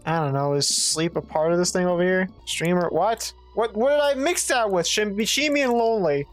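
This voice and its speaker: A woman streams a game, thinking out loud and swearing freely as she works through it. Her voice sits a little low, and she reads bits of the game text aloud between her muttering. Faint game music plays underneath. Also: moderate pace, hardly any pauses. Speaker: gaming streamer. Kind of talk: let's play commentary.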